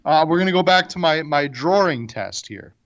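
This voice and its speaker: A man's voice: on the high side, expressive, moderate pace, a bit bright. A man co-hosting a casual debate podcast, opinionated and often restarting his sentences. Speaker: podcast co-host. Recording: dull lo-fi audio.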